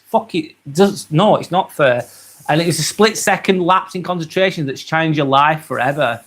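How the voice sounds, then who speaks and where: A man in his 40s from England chats casually through viewer comments while hosting a live stream. His voice is a little high and his speed normal. He sounds earnest but hesitant, with many ums and apologies.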